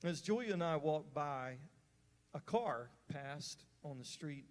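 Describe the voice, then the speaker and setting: A man's voice: a little high, animated, slow pace. A man giving a sermon as a story, in an earnest, conversational way with fillers and restarts. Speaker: preacher. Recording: long hall reverb.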